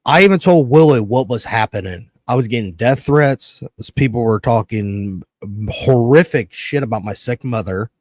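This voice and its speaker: A man's voice: mid-range voice, animated, normal speed, few pauses, a little mellow, no room sound. A man co-hosting a podcast in casual chat, rambling, swearing often and acting out what others said. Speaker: podcast co-host.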